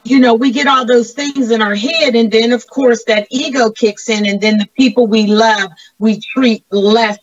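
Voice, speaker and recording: A woman hosting a show, asking interview questions in a measured, earnest way. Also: fairly high pitch, fairly even intonation, dry recording. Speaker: show host. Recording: distant, dull, dry lo-fi audio.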